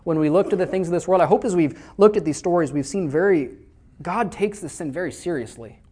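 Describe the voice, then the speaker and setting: A man's voice: high voice, a little fast, dark tone, slightly rough. A man from Iowa preaching a sermon to a congregation, telling stories in a conversational way and often repeating words as he starts a phrase. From Iowa, USA. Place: church before a live congregation.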